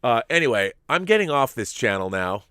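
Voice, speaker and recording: A man hosting a casual live-stream chat, rambling and animated, restarting his sentences, a little giddy and loopy. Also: mid-range voice, a little fast, smooth, no echo, clean studio sound. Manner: rambling and animated, self-interrupting. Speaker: show host.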